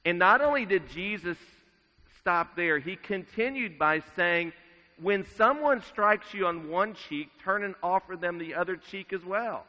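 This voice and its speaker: A man preaching a sermon in a measured way, dropping his voice to a hush at solemn moments. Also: sits high. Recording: dull sound with long reverb in a large hall.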